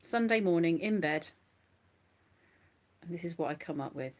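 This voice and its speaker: A woman's voice: lowish voice, lively intonation, moderate pace, darkish tone. A woman vlogging casually from bed at home, giggly and rambling as she chats to her viewers. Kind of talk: casual live chat to viewers.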